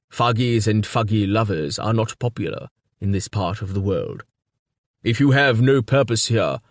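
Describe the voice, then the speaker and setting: Coolly formal stout old king in an audiobook, breathless and wheezy as he speaks, voiced by a male narrator. The voice sits fairly low and sounds close and dry, with little room around it. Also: no room sound, lightly acted. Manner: measured and formal. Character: corpulent wheezing older male king, cool and evasive. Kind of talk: audiobook character reading.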